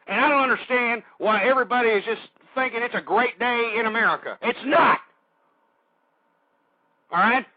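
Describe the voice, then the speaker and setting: A man's voice: very high-pitched, moderate pace, long pauses, dry recording. Ranting male talk radio host. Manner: angry, insulting, addresses listeners as folks. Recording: dry, muffled internet radio stream.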